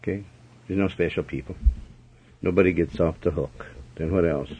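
Blunt, scolding male preacher. Very low, husky voice. Dull lo-fi sound. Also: moderate pace, warm tone. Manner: blunt, scolding, repetitive emphasis. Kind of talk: sermon commentary. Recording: dull lo-fi recording.

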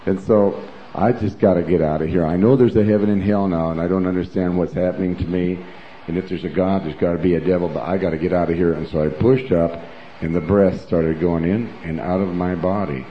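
A man's voice: deep voice, slight background noise. A man giving an emphatic, rambling personal testimony as a preacher, full of asides like "you know". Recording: roomy, dull lo-fi recording.

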